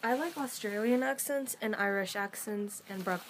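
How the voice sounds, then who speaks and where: A woman's voice: medium pitch, normal speed, background noise. A teenage girl co-hosting a podcast, eager and chatty in short bursts. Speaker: podcast co-host. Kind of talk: casual chat.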